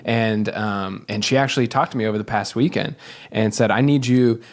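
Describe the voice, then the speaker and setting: A married man on a podcast, telling a personal story in a relaxed, candid way. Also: on the low side, normal speed. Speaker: podcast co-host. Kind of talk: conversational podcast discussion.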